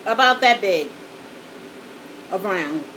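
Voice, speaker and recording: A woman's voice: medium pitch, animated, takes it slowly, pushed and bright, slight background noise, low-quality recording. A woman vlogger chatting folksily to her viewers while eating, at home in front of a backdrop and studio lights. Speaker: mukbang vlogger.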